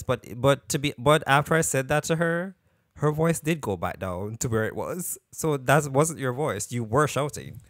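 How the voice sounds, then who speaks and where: A man's voice: mid-range voice, animated, moderate pace, a bit bright, no room sound. Male podcast host with a mid-range voice and a dry, close sound, telling a rambling anecdote. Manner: rambling storyteller, drifts off on tangents and comes back with "anywho". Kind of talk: casual podcast chat.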